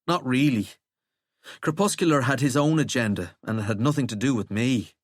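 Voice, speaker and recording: A man's voice: mid-range voice, normal speed, no echo, studio quality, natural voice. A man voicing an earnest, hesitant teenage boy. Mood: downcast.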